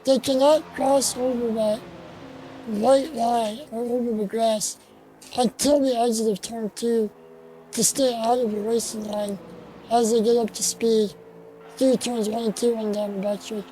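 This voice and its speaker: A woman commentating an online sim race, slow and halting, with fillers and restarts, and she has the hiccups. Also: a little high, fairly even intonation, warm tone, a little hiss or hum, low-quality recording.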